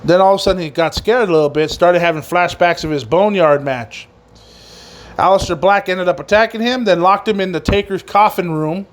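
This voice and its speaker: High-voiced man recapping wrestling, cursing freely. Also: a little fast. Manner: profane, rambling, laughs at his own jokes. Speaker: podcast host.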